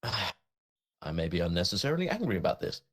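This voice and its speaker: A man's voice: deep voice, moderate pace. A man co-hosting a podcast, ranting about politics and then mocking his own anger. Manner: animated, ranting, self-mocking. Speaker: podcast co-host. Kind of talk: casual political chat.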